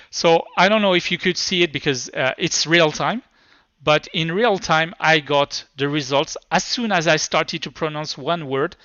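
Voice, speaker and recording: A man with a thick French accent presents at a tech conference, his explanations halting and full of restarts. His voice is bright and forward, heard dry and close with a slightly dull, muffled tone. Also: a little high, dry recording. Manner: hesitant, stop-start explaining. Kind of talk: live technical presentation.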